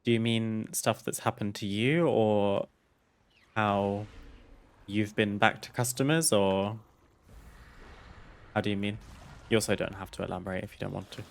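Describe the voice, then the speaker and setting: A man with a fairly low voice talks over his gameplay, easygoing and frank. He drifts through a long personal story, laughing now and then and not minding a swear word. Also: steady tone, normal speed, vocal fry, long pauses. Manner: chatty, candid, laughs and swears freely. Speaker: streamer.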